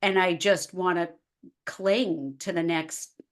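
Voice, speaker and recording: Here a life coach in her forties, from the US, guests on a podcast with a fairly low voice and an unhurried pace. The conversation is casual, and she brings her stories to life by animatedly performing the quotes.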